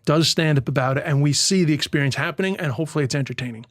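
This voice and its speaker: A male stand-up comedian from Ireland, telling stories fast in casual podcast chat and swearing freely. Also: a little high, dry recording. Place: tent.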